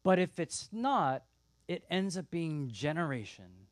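A man pastor preaching a sermon in a conversational, storytelling way, swinging between loud bursts and hushed, quiet lines, with frequent "like" and "right?". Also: a little high, very animated, unhurried, no echo.

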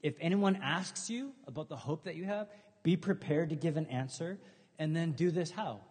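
A middle-aged man preaching a sermon in a relaxed, conversational way, telling funny stories and acting out what people said. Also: a little high, moderate pace, breathy edge, in a large hall. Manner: conversational, humorous storytelling with acted quotes. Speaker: pastor.

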